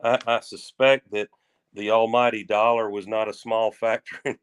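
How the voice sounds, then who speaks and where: Sports talk co-host, male, fairly low voice, folksy and rambling. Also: flat delivery, smooth. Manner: rambling, folksy, drawn-out phrases with restarts.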